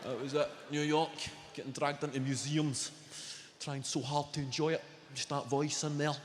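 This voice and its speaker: A man's voice: fairly high pitch, level tone, normal speed, a little hiss or hum. A young Scottish man performing a brash, sweary stand-up routine, telling stories on a theatre stage into a handheld mic. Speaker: stand-up comedian. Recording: roomy venue, loud audience laughter.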